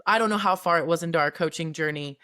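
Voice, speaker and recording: A woman guest talks through personal stories in a relaxed podcast chat. Her voice sits slightly low, and she speaks candidly with many "like"s. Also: quick pace. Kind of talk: casual chat.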